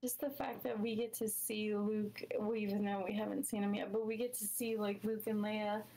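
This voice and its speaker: A woman co-hosting a casual review chat, excitable and full of fillers. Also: medium pitch, normal speed, rough recording. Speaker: co-host reviewing a show.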